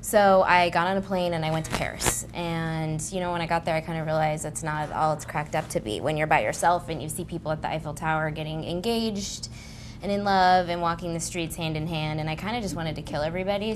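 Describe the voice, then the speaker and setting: A woman with a lowish voice tells a self-mocking story on a game show. She keeps it chatty and breaks into giggles now and then. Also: a little hiss or hum. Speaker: celebrity guest. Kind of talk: comic anecdote on a game show.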